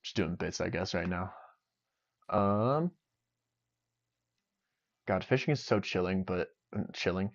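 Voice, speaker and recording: Young male streamer, low voice, rambling jokey self-talk, dull lo-fi audio. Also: takes it slowly, pauses often. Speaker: game streamer. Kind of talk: casual gameplay streaming. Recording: dull lo-fi sound.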